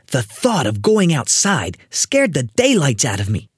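An expressive storyteller reading a spooky children's tale aloud, the voice swinging lively up and down to build suspense. There is a slight huskiness to the tone. The recording is dry and close. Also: medium pitch, unhurried, breathy edge, no room sound.

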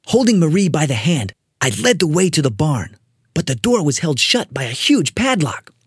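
An expressive storyteller reading a spooky children's tale aloud, the voice swinging lively up and down to build suspense. There is a slight huskiness to the tone. The recording is dry and close. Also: medium pitch, normal speed, husky, dry recording.

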